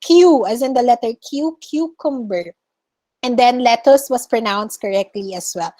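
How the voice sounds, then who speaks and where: High-voiced Filipino teacher on a call. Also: female voice, expressive, normal speed, warm tone. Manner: patient, corrects pronunciation word by word. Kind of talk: online class lesson. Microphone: video call.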